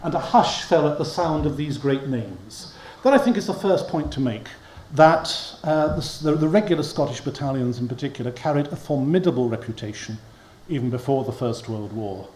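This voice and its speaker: In an echoey lecture hall with a faint hum, a man gives a public history lecture, wry and given to chuckling at his own asides. His voice is medium-pitched and expressive, a little mellow, and moves at a moderate pace.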